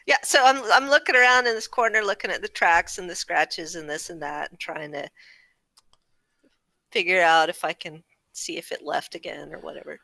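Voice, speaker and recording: A woman with a gravelly, bright voice plays a tabletop game, thinking aloud with curiosity. The sound is dry and close. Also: fairly low pitch, normal speed, no room sound. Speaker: player. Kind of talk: casual tabletop play.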